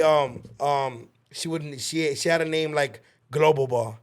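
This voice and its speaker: A man co-hosting a podcast in casual chat, joking and slangy, telling stories with excitement. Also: on the high side, measured pace, a little hiss or hum. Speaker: podcast co-host.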